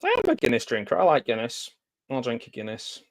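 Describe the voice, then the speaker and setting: A man giving live watch-along reaction commentary on a TV episode, chatty and jokey, with excited outbursts and laughs. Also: mid-range voice, fast. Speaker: commentary host.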